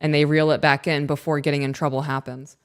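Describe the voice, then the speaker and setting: Smooth low-voiced woman chatting. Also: quick pace. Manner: chatty storyteller, animated retelling. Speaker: podcast co-host. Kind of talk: casual chat.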